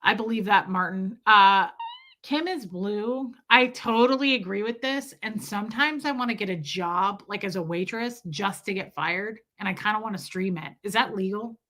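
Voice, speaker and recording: A woman's voice: medium pitch, moderate pace, bright, forceful tone. A middle-aged woman hosting a casual live stream, chatty and laughing as she reads viewer comments aloud. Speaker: livestream host reading chat.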